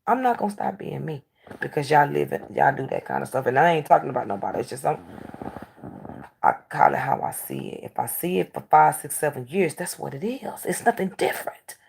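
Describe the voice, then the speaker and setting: Here a talk show host, a woman, recounts stories conversationally with bluntness and candor, shifting between animated bursts and hushed comments. The delivery is brisk, with a deep, breathy-edged voice and vocal fry.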